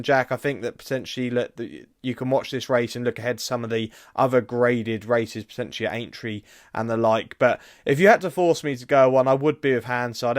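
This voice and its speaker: A man co-hosting a horse racing preview, running through the odds briskly with chatty asides. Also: mid-range voice, no echo, studio quality. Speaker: racing tipster co-host. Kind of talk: casual racing preview chat.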